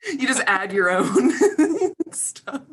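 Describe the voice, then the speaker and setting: High, lively-voiced woman host, very breathy. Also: takes it slowly. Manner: short excited reactions. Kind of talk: casual chat on a livestream.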